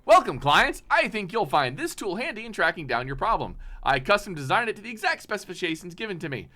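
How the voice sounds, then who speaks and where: A man's voice: sits high, sing-song, fast, bright, forceful tone, voice pushed up, full character voice. A man voicing a cheery male shop owner speaking from a drone's screen, in upbeat salesman patter.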